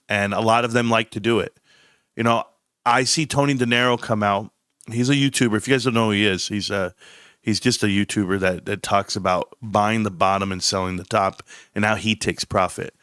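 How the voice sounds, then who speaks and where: Recorded with studio quality and no room sound, this stock livestream host has a lowish, fairly bright, clear, resonant voice, fairly even intonation, and a moderate pace. The middle-aged man gives casual commentary, rambling bluntly and cutting himself off mid-sentence again and again.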